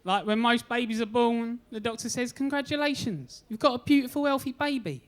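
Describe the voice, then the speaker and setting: A man's voice: extremely high pitch, brisk. Young man, stand-up comic, cheeky, self-deprecating, club stage mic. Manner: cheeky, self-deprecating storytelling with acted-out quotes. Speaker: stand-up comedian. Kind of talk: stand-up comedy set. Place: comedy club stage with a live audience.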